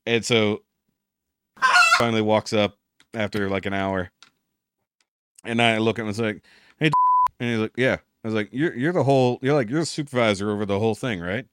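A man's voice: on the low side, fairly quick, long pauses, background noise. A young man, co-hosting a podcast and telling a story in casual, profane chat, acting out the voices he quotes. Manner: animated storyteller, swears freely, acts out quotes. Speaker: podcast co-host.

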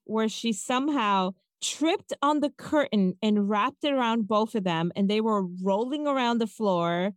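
Woman co-host, snarky and lively, slightly high voice, dry recording. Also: unhurried, few pauses, smooth, no room sound. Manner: animated, sarcastic, swears casually. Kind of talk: casual chat recapping a movie.

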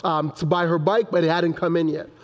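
A young man preaching a sermon in an animated way, acting out his children's voices. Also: on the high side, a little fast, in a large hall. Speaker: pastor.

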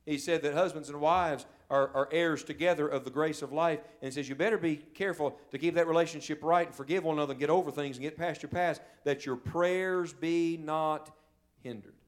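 Male evangelist, somewhat high-pitched, storytelling sermon delivery with big loud-to-soft swings. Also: steady tone, fairly quick. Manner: storytelling preacher, swells loud then drops to a hush. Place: church service.

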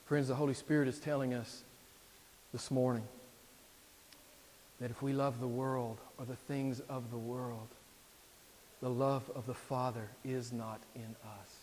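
A male pastor preaching a sermon, emphatic and repetitive, swinging between loud exhortation and hushed appeals. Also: mid-range voice, level tone, measured pace, pauses often, a little hiss or hum. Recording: long reverb in a large hall.

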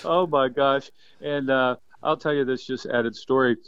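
A man in his fifties, a quail biologist, telling animated stories in a casual interview with plenty of laughs. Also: medium pitch, unhurried, clean tone, dull audio. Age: 50s. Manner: enthusiastic, animated storyteller who laughs often.

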